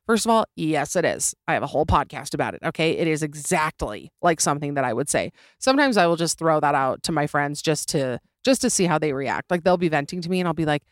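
A woman's voice: deep voice, lively intonation, fairly quick, no room sound. A young woman hosting a comedy podcast, talking in an opinionated, sarcastic way and laughing easily, recorded close in a small room. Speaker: podcast host. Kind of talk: casual comedic podcast monologue.

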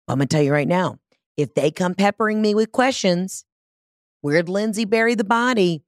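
A woman's voice: medium pitch, moderate pace, no echo. A woman, hosting her own podcast in a brash, profane, rambling comedic monologue, speaking into a studio mic. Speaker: podcast host. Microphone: studio mic with large headphones.

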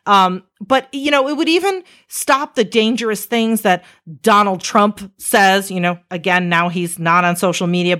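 A woman's voice: lowish voice, fairly bright tone. A woman giving casual explanatory commentary, conversational and emphatic, with rhetorical asides to the listener.

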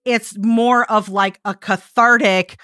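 A woman's voice: fairly high pitch, fairly even intonation, slow, bright, forceful tone, no room sound, studio quality. A woman on a podcast as a guest, telling a story in a candid, rambling way and swearing freely.

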